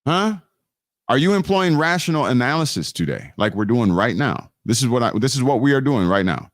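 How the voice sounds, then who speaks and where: Speaking a touch fast, this man's mid-pitched voice swings widely in pitch, captured cleanly in a studio without echo. As host of a live teaching stream, he delivers an emphatic, preachy sermon on law and scripture, restarting often and repeating his main points.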